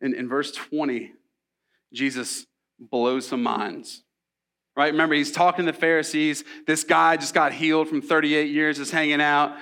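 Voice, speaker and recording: A man preaching a sermon in a church, animated and conversational, with casual asides to the congregation. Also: fairly high pitch, normal speed. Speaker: pastor.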